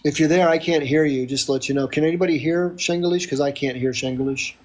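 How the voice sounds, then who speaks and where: A man's voice: fairly high pitch, fairly even intonation, fast, a little mellow. A man hosting a live stream, cutting off an angry caller and calling up the next in line. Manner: firm but apologetic, managing callers. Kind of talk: moderating call-ins.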